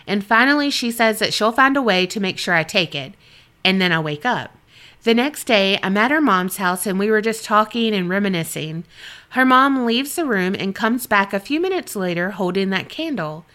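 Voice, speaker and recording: A woman's voice: mid-range voice, a bit bright. A woman co-hosting a podcast, chatting candidly and reading out listener stories, swearing freely and laughing often. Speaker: podcast co-host.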